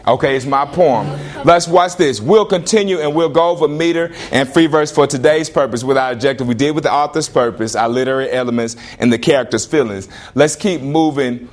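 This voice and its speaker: A man teaching a classroom lesson, questioning students and repeating prompts in an animated way. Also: medium pitch, fairly quick, hardly any pauses.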